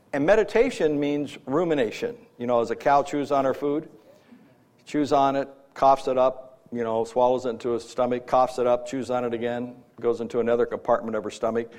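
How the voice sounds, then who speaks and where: A man's voice: mid-range voice, a little mellow. A man who works as an executive life coach, giving a conversational Christian teaching talk at an event, with frequent fillers and restarts.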